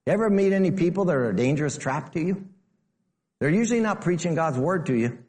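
A man preaching a sermon, animated, swinging between near-shouts and low asides, and acting out the people he quotes. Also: fast talker. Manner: acts out the quoted speakers in heightened voices. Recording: long hall reverb.

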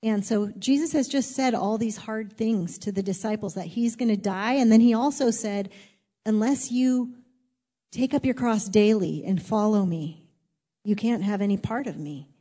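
In a church sanctuary, a woman pastor delivers a sermon in a candid, chatty, self-deprecating way. Her mellow voice sits at medium pitch and moves at a normal speed, with the long reverb of a large hall.

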